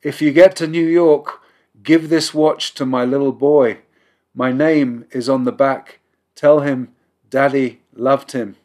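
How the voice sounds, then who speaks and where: A man's voice: medium pitch, fairly even intonation, slow pace, darkish tone, voice pushed up, close to an everyday voice. A man voicing a desperate wealthy man in a fur coat, frantic and stammering as he begs. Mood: pleading.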